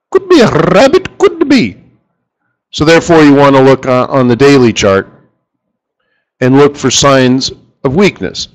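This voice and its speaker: A slightly high-voiced man leads a live trading seminar for a room of listeners. He jokes easily and keeps throwing rhetorical questions at the crowd in an animated, conversational way. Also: poor audio. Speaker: forex market strategist hosting a session.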